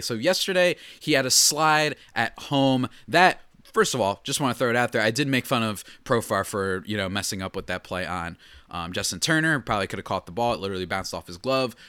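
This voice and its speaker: A man hosting his own sports podcast, thinking out loud in a loose, rambling way with many fillers and false starts. His voice sits at a middling pitch and often jumps up with excitement. The sound is dry and close, with no room around it. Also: no echo. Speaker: podcast host. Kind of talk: solo sports podcast commentary.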